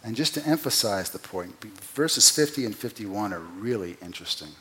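A man preaching an expository sermon, who asks the listeners rhetorical questions and swings from loud emphatic peaks to quiet, low drops. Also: lively intonation, normal speed, slight background noise. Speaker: pastor.

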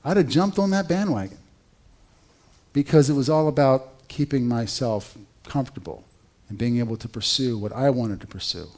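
Preaching to his congregation, this man speaks at medium pitch and a moderate pace. He keeps things animated and conversational, tossing out rhetorical questions as he goes.

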